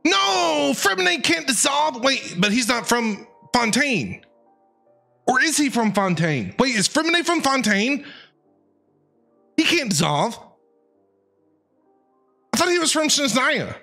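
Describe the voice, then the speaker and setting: A man gives excited game commentary, exasperated and incredulous. His bright voice swings widely in pitch, with faint game music underneath. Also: slow pace, creaky, long pauses. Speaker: streamer reacting to a game.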